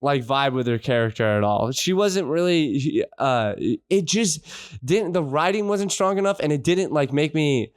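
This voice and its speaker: A man's voice: a little high, expressive, a little slow, smooth, no room sound, clean studio sound. A man co-hosting a podcast, rambling frustrated through a casual film review with many restarts. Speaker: podcast co-host.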